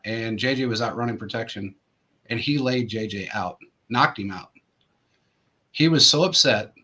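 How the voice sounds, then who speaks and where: A man's voice: fairly low pitch, moderate pace, bright, forceful tone. A man hosting a show, telling long rambling anecdotes in casual chat, full of restarts and fillers. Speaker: show host.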